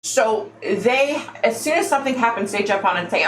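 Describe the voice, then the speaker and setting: A woman's voice: fairly high pitch, expressive, normal speed, hardly any pauses. Chatty exasperated woman in echoey room. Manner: chatty, exasperated, calls listeners y'all. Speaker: psychic livestream host. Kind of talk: casual livestream chat. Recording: echoey room, faint background noise.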